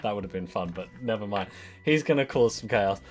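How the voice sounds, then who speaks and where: A man's voice: fairly low pitch, lively intonation, fairly quick. Scheming man playing a tabletop game. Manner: scheming, swearing, joking. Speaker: player.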